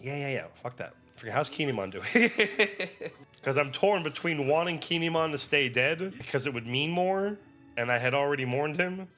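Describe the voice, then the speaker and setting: A young man hosting an anime reaction video, chatting in an excitable, profane, animated way. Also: medium pitch. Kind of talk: casual reaction commentary.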